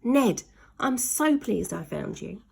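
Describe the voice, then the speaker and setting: A remorseful big sister from a children's story, earnest and caring, as a woman reads her. Her husky, gravelly voice moves in lively swings of pitch at a slow pace. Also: exaggerated voice. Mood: apologetic. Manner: earnest and apologetic.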